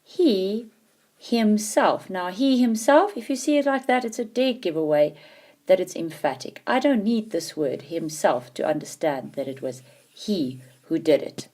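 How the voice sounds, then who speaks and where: A woman teaching grammar in a patient, explaining way, leaning hard on key words. Her voice sits a little low and sounds mellow and warm. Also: lively intonation, normal speed. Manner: clear, patient explaining with emphatic stresses. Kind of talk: grammar lesson.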